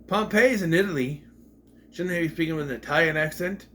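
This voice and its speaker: A man's voice: on the high side, brisk, bright, forceful tone, slight background noise. A man giving a casual, rambling retrospective of a TV episode at home, with jokey asides. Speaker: video reviewer.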